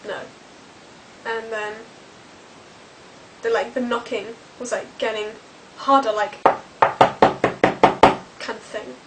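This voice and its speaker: A woman's voice: fairly high pitch, steady tone, takes it slowly, pauses often, distant mic, heavy background noise. A woman, chatting to camera as a vlogger, rambling with lots of fillers.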